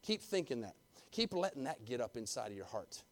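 Brief: preacher doing a coaxing, whispery male devil, low and quiet, egging a sinner on. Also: sing-song, brisk. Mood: sly coaxing. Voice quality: hushed, low and sly.

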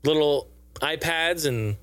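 A man's voice: on the high side, slow pace, fairly bright tone, dry recording. Guy ranting about gaming news, sweary and sarcastic, dry close sound. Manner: profane, sarcastic and rambling. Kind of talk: casual gaming news commentary.

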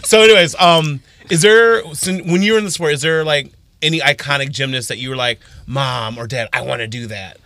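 A man co-hosting a radio show, excitable and jokey. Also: fairly high pitch, fairly quick. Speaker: radio co-host.

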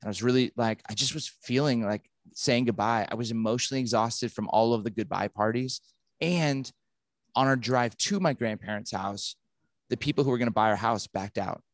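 A man in his thirties or forties, a pastor, tells a personal story in an interview. He acts out every quoted line with lively energy. The recording is close and dry. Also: mid-range voice, brisk, dry recording. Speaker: pastor and author.

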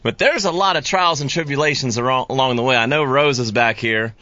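A man talks as an interview guest, easygoing and rambling, his stories padded with "you know" and restarts. His voice is bright and forceful. The sound is dry and dull, like a lo-fi recording. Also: mid-range voice, fairly quick, no room sound. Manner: rambling, laid-back storytelling with many fillers. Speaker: guest, fishing video creator. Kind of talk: casual interview chat.

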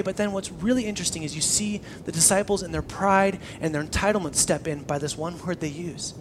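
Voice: mid-range voice, brisk, hardly any pauses, a little hiss or hum. Casual, storytelling preacher. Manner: conversational, acts out the people in the story. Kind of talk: casual sermon.

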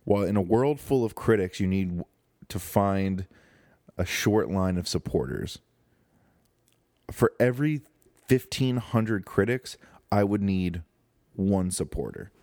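A young man hosts his own podcast in a casual solo monologue, rambling and joking with plenty of fillers and restarts. His voice sits low with a darkish tone and lively intonation, and he speaks unhurriedly with long pauses. He's close to a studio microphone, with no echo.

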